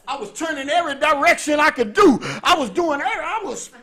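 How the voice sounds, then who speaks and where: Preacher, man, high bright voice, lively storytelling that swells into shouts. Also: fast talker. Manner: animated, laughing, rising to shouts. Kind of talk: storytelling sermon.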